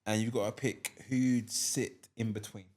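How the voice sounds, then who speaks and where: A man's voice: on the low side, fairly even intonation, unhurried, darkish tone. A man hosting a casual podcast, laughing often and jumping in with eager interjections. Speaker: podcast host.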